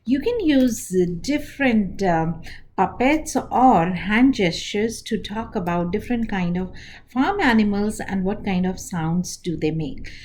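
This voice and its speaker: A woman preschool teacher with an Indian English accent, calmly explaining an activity step by step, pausing often as she goes. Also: mid-range voice, slight background noise. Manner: unhurried, explaining step by step with pauses. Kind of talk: instructional talk to parents and teachers.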